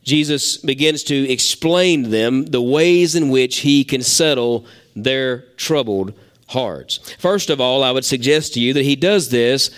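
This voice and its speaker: A man's voice: medium pitch, unhurried, smooth. A middle-aged man, preaching a sermon in a folksy, storytelling way. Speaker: pastor.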